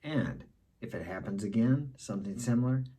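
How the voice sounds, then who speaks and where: Middle-aged male vlogger, mellow husky voice, blunt and instructive. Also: fairly low pitch, animated, normal speed. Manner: blunt, instructive, repeats key points. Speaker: dating advice vlogger. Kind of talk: casual advice monologue.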